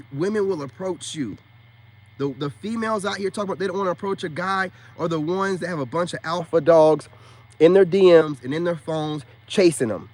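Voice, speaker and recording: Man, upper-middle pitch, slangy, emphatic self-help vlogger rant. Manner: emphatic, scolding, repeats himself for emphasis; slangy, calls listeners man and bro. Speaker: self-styled spiritual dating coach. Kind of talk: casual rant to camera.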